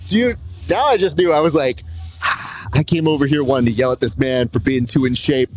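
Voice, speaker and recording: A man's voice: medium pitch, normal speed. A man from Southern California interviewing a fighter in casual, joking banter full of slang. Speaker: interviewer, executive producer.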